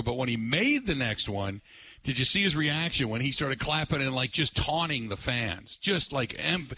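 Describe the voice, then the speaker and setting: A man hosting live sports talk radio from a remote broadcast, rambling with lots of fillers and bursts of excitement. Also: mid-range voice, a little hiss or hum.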